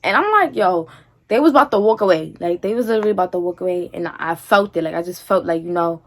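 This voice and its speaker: A young woman vlogger, telling a story to camera in a casual, animated, slangy way. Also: on the low side, fast. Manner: animated, slangy, repeats "like" and "feel me".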